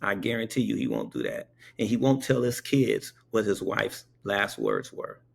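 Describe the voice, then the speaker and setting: A man's voice: fairly low pitch, huge pitch swings, moderate pace, vocal fry, slightly rough. A man who works as a paramedic telling a personal anecdote, emphatic and punctuating his points with rhetorical checks on the listener. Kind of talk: spoken anecdote.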